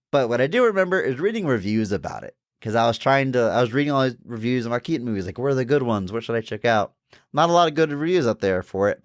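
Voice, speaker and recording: A podcast co-host with a mid-range male voice chats casually and enthusiastically about a film, laughing often. The recording is studio quality with no room sound.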